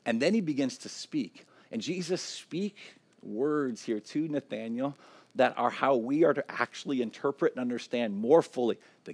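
Man preaching in a casual, conversational way. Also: mid-range voice. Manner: conversational and informal, often checks in with the listeners; builds to emphatic repeated declarations. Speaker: pastor. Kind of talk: sermon.

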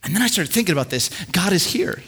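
A male preacher giving a sermon, telling a story with many repeated words, swinging between hushed and loud moments. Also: high voice, very animated, husky. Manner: repeats words, quick asides.

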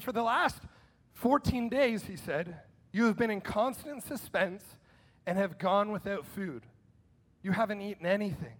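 A male pastor giving an energetic, conversational sermon with sudden shouted lines. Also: high voice. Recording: long hall reverb.

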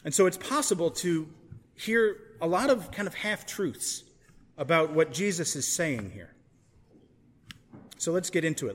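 A man with a fairly high voice preaches to a church congregation. He talks in a relaxed, conversational way and often restarts a phrase mid-thought. His voice trails off into a long church reverb. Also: measured pace, pauses often. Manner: conversational, thinking aloud with restarts. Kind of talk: sermon.

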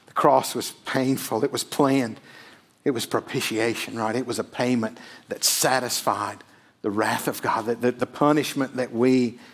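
Man preaching, loud swells and hushed drops. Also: mid-range voice, fairly even intonation, moderate pace. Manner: emphatic preaching, swelling loud then dropping to near a hush, frequent "right?". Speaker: pastor. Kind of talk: sermon.

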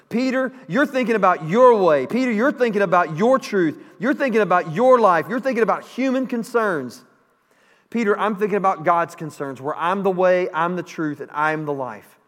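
A man's voice: high-pitched, fairly bright tone. A man preacher voicing Jesus, a stern adult male teacher firmly rebuking a disciple. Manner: firm, insistent rebuke. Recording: long hall reverb.

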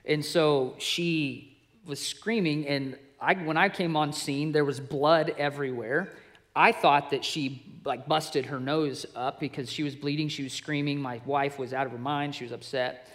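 A man in his thirties preaching to men, telling a family story in an earnest, conversational way that builds into forceful preaching. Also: on the high side, steady tone, unhurried. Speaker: pastor. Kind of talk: sermon to men, personal storytelling.

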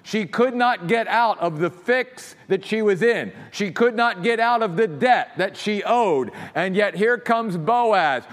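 A man's voice: high voice, expressive, a little slow, hardly any pauses, long reverb tail. A man preaching a sermon as pastor, emphatic and building his points through repeated phrases.

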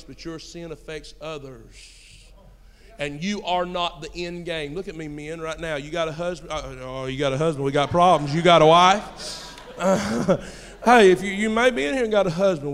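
A young pastor with a high voice and a drawl preaches a sermon in a church sanctuary, where a long hall reverb follows every phrase. He tells homespun stories, moving between quiet asides and shouted emphasis.

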